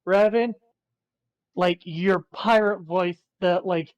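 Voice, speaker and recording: A man's voice: high voice, fairly even intonation, takes it slowly, clear, resonant tone, dry recording, low-quality recording. A man playing in an online tabletop game, chatting casually, swearing freely and rambling. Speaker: player.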